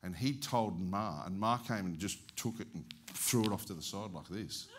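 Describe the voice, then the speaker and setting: A man's voice: low-pitched, moderate pace, slight background noise. A man preaching with an Australian accent, telling a story in a sermon and acting out its dialogue. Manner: animated, acts out the dialogue of his story. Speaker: evangelist preacher. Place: church service.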